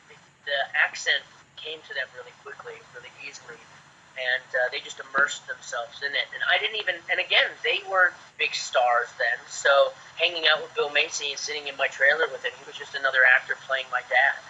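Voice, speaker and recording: A man in his forties, an actor guest, telling chatty, lively anecdotes in a casual way. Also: medium pitch, fairly quick, a little hiss or hum. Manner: lively, chatty, acts out quotes. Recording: dull lo-fi sound.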